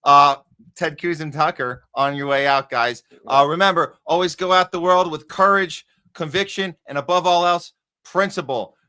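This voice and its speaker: A man's voice: on the high side, moderate pace, pushed and bright, smooth. A man hosting a live news podcast from a home studio, talking casually and upbeat, often restarting his sentences. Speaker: podcast host. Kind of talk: casual live show chat.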